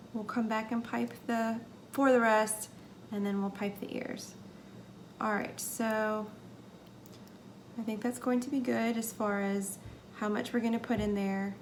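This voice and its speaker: Gal chatting thru her soap making, kinda high voice, faint hiss behind. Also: darkish tone. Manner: chatty, hesitant, drops into whispers while working. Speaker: soap maker. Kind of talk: casual how-to narration. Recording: faint background noise.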